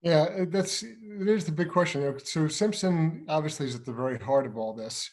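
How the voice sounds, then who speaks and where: A man's voice: fairly high pitch, moderate pace, darkish tone. A middle-aged man co-hosting a political discussion show, explaining in a firm way and posing rhetorical questions. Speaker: co-host, investigations director.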